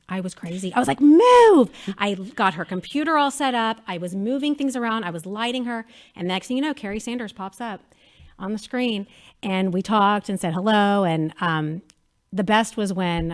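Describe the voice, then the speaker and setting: A woman in her thirties, a media company president chatting as an interview guest, telling lively stories and acting out quotes. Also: medium pitch, normal speed. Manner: animated storyteller, acts out quotes. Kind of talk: casual interview chat.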